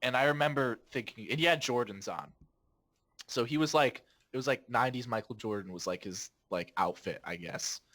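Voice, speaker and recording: A man's voice: medium pitch, fairly quick, fairly bright tone. A man in his twenties, a podcast host, telling a rambling story in casual chat, laughing often and restarting his sentences.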